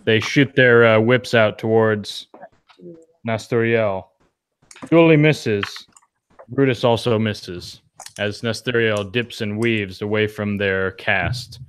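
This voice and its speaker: A man narrating as game master, relaxed and full of small pauses. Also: fairly low pitch, smooth. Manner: relaxed, full of fillers and restarts.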